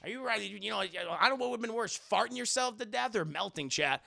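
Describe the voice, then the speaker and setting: A man's voice: high voice, fast, creaky, bright, forceful tone. A young man streaming live, giving a rambling, profane, jokey recap of an anime episode and talking to his chat.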